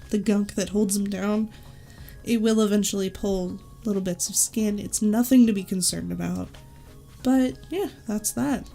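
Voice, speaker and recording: A woman YouTube creator chatting casually and enthusiastically through product recommendations, with quick asides. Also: a little high, mellow.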